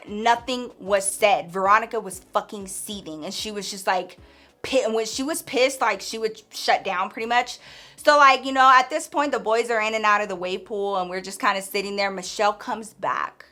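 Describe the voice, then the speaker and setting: High, bright, animated woman gossiping. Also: a little fast. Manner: animated gossipy retelling, acting out friends' lines; slangy, blunt, swears freely. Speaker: vlogger. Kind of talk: casual storytime.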